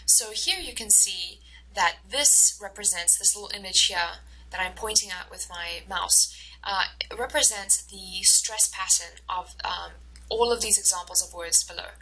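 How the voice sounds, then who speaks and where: A woman instructor giving a recorded lecture over slides, explaining slowly and carefully with many fillers and restarts. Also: mid-range voice, pushed and bright, slightly rough, rough recording.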